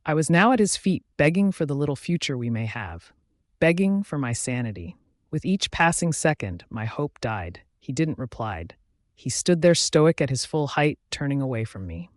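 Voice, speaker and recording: A man narrating a first-person audiobook with emotive, dramatic delivery. His voice sits a bit high, and the sound is dry and close, with no room echo. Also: big pitch swings, normal speed.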